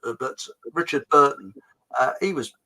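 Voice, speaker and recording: A man's voice: mid-range voice, moderate pace, sharp tone, poor audio. A man hosting a casual livestream chat, rambling and hesitant with many ums and restarts. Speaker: host.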